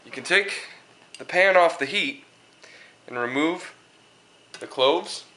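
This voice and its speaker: A young man hosting a mock cooking show with deadpan, mock-serious delivery. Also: a little high, takes it slowly. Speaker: comedic cooking show host. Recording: echoey kitchen, mic far off, noisy. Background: pans sizzling.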